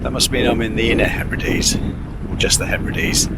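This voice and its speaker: A man's voice: medium pitch, flat delivery, normal speed, creaky. A man in his fifties vlogging his van life in a chatty, wry, self-mocking way, filming outdoors and in his van on a handheld camera. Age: 50s. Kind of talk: casual travel vlog. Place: outdoors on a windy coast and inside a van. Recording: wind noise on the mic. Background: wind and waves.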